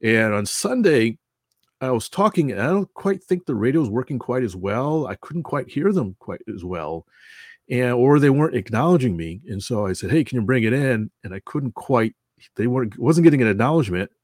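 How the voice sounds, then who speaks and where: A man tells a long story in a casual, rambling way, often restarting his sentences and chuckling at himself. His voice sits at an ordinary middle pitch, and the recording is dry and close, with no room sound around it. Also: animated, normal speed, darkish tone, no room sound. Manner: rambling, self-correcting, chuckling. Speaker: announcer at a model airplane show.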